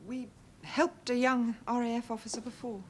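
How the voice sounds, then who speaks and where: Actress playing an anxious, earnest wife. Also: female voice, on the high side, flat delivery, normal speed, a little hiss or hum, natural voice. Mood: helpful. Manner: earnest, emotional, insistent. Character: anxious wife, troubled by past betrayal.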